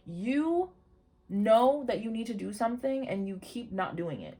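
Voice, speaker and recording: Excitable woman giving a chatty tarot reading. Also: medium pitch, moderate pace. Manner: chatty, excitable, swears casually, exclaims often; addresses viewers directly with pep talk. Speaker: tarot reader. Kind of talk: casual tarot reading to camera.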